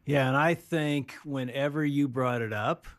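A man's voice: mid-range voice, unhurried. A man in his fifties, a pastor co-hosting a casual chat, reflective and given to teasing interjections. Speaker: co-host, pastor.

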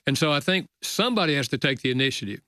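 A man's voice: fairly high pitch, lively intonation, pushed and bright, no echo. Older man, earnest guest storyteller, dry close mic. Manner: earnest, slows down for emotional moments. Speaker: author and guest. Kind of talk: storytelling in a podcast interview.

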